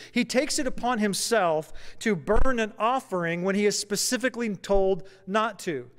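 A man preaching a sermon in an earnest storytelling manner, repeating phrases for emphasis. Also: high voice. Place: church sanctuary. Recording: long reverb of a church hall.

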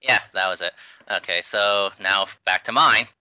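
A man's voice: on the low side, moderate pace, bright, forceful tone, smooth, no echo, poor audio. A man hosting a podcast interview, laid-back and laughing, with lots of fillers. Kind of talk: casual interview chat.

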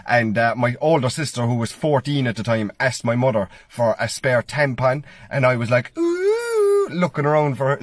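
A man's voice: mid-range voice, no room sound. A young man with a Cork Irish accent telling stand-up stories as a comedian, chatty and always asking "do you know what I mean". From Ireland. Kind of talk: stand-up storytelling monologue.

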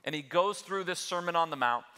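A man's voice: a little high, animated, brisk, bright, forceful tone, clean tone. A man preaching a sermon as pastor, talking in a conversational way that builds to emphatic points. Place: large church auditorium. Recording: long hall reverb.

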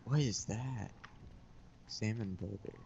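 A man's voice: on the low side, slow, creaky, dark tone, lo-fi sound, slight background noise. A man playing a co-op game with a friend, laid-back and full of questions, hedging with filler words. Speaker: co-op player. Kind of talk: casual gaming chat.

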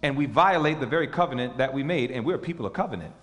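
A man preaching a sermon, emphatic and animated, questioning his audience as he goes. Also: mid-range voice, fast talker. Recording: reverberant hall.

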